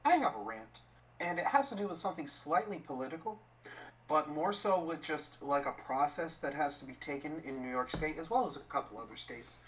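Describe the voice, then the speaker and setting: A man on a casual podcast, ranting about a rule and joking deadpan. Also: fairly high pitch, fairly quick, slight background noise, low-quality recording. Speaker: podcast co-host. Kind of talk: casual chat.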